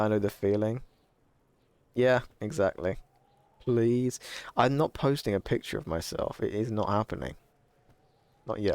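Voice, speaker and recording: A man's voice: lowish voice, darkish tone, dry recording. A young man chatting casually on a live stream, rambling, self-correcting and swearing now and then. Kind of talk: casual chat reading stream chat.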